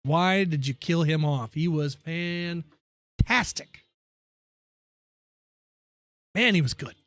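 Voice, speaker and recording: A young man live streaming a game and chatting loosely with his viewers, opinionated and full of slangy asides. His voice sits a bit high for a man. The sound is dry and close, with no room around it. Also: slow, fairly bright tone, no echo.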